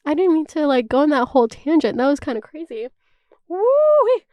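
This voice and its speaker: A woman's voice: high-pitched, fast talker, dark tone, no echo, muffled recording. A woman in her twenties talking casually to camera, chatty and full of "like" and swearing. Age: 20s. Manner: chatty, swears freely, heavy use of "like". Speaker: vlogger. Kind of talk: casual chat.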